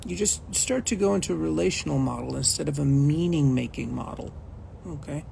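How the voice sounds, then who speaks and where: A man with a strongly gravelly, fry-laden voice leads a talk on meditation practice. He speaks conversationally and sometimes acts out inner thoughts aloud. A faint hiss of noise sits under the recording. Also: on the high side, brisk, darkish tone, low-quality recording. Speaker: meditation teacher. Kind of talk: teaching a spiritual practice talk.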